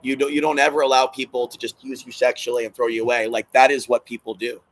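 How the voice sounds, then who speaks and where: A man's voice: medium pitch, level tone, fast talker, rough recording. A man talking alone to his camera in a rambling vlog monologue, agitated and emotional, repeating himself and swearing, sounding distressed and hurt. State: distressed and hurting. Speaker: channel host.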